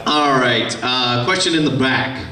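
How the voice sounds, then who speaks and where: A man's voice: medium pitch, unhurried. A man answering audience questions at a convention panel, telling irreverent, joking stories in a casual way. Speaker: voice actor, panel guest. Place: convention hall. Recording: echoey hall from far off, crowd.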